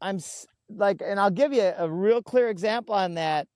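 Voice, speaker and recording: A man speaking as an interview guest, telling stories earnestly and slowing right down to stress his key words, recorded outdoors. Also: sits high, darkish tone, dry recording, clean studio sound. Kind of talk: conversational interview. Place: outdoors in a food forest.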